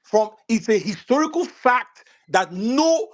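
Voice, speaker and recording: A man's voice: extremely high pitch, very animated, measured pace. A man from Nigeria arguing politics in an online audio discussion, emphatic and repeating his phrases for weight. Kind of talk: heated political debate.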